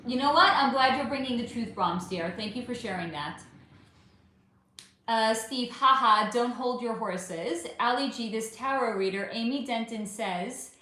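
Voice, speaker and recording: A woman's voice: a little high, measured pace. A woman hosting a spiritual livestream, chatting animatedly with viewers and answering their comments. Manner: animated, chatty, swears and exclaims, reads viewer names. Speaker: spiritual reader and livestream host. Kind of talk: casual livestream chat reading comments. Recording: echoey room.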